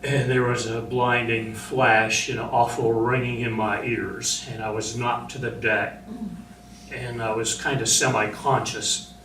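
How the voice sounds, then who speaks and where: A man's voice: medium pitch, flat delivery, measured pace. Older male ex-Marine, plain storyteller recalling combat; echoey room, distant mic. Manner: plain storytelling, shouting when retelling orders. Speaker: former Marine speaking as a survivor. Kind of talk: personal war testimony to an audience. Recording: roomy, distant mic, faint noise.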